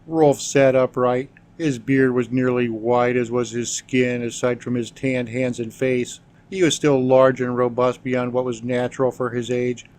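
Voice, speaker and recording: Even-voiced male narrator for a scripted audiobook. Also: mid-range voice, measured pace, few pauses.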